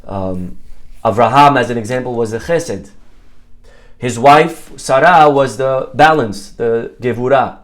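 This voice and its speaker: A man's voice: medium pitch, unhurried. A man, a rabbi giving a sermon, telling stories in a conversational way with asides and questions to his audience.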